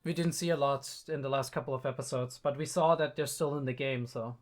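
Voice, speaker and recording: With a steady tone and mid-range voice, a young man who is a non-native English speaker hosts a casual reaction video. He thinks aloud, with frequent pauses and restarted sentences.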